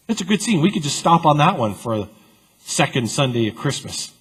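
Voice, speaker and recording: A man preaching a sermon as pastor, with a conversational, animated storytelling style full of asides. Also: medium pitch, fairly quick, slightly rough. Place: church sanctuary. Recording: long church reverb.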